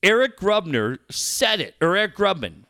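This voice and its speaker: A man's voice: high-pitched, sing-song, moderate pace, pushed and bright, dry recording, studio quality. A man hosting a talk show, ranting angrily and swearing constantly. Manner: angry, profane, ranting. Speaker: sports radio host.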